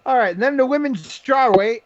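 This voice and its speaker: A man with a rather high voice chats loosely through fight picks, cracking jokes and laughing often. The stream audio is a little dull and lo-fi. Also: animated. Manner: joking, laughs often, quick banter. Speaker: podcast co-host. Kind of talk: casual chat about fight picks.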